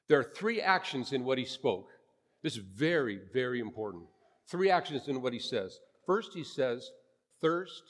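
A man's voice: mid-range voice, sing-song, normal speed. Pastor guy giving an earnest emphatic sermon, repeats himself a lot, reverb-y church hall sound.

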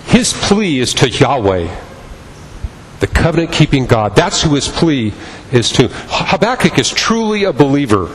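A man's voice: a little high, very animated, measured pace, long reverb tail, a little hiss or hum, poor audio. A man preaching a sermon as pastor, impassioned and repetitive in his cadence.

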